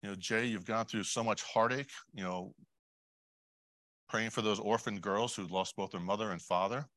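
A man preaching a sermon in a conversational way, putting questions to the congregation, adding asides and clearing his throat often. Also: on the low side, fairly even intonation, moderate pace, a bit bright, no room sound. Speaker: lay preacher.

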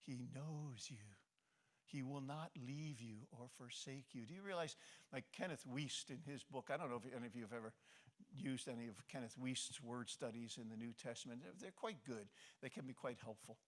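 A middle-aged man preaching a sermon, swinging between loud emphasis and soft, hushed passages, often restarting and repeating phrases. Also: mid-range voice, normal speed. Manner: impassioned, rising to emphasis then dropping soft. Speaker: pastor.

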